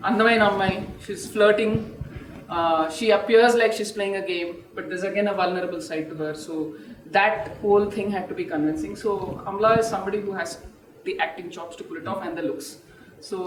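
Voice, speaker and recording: A woman with an Indian English accent speaks quickly yet thoughtfully about her work, moving between English and Telugu phrases. She sounds set back from the mic in a reverberant room. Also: medium pitch, distant mic. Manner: thoughtful, mixes Telugu phrases, hesitant fillers. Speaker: film director. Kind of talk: interview answer.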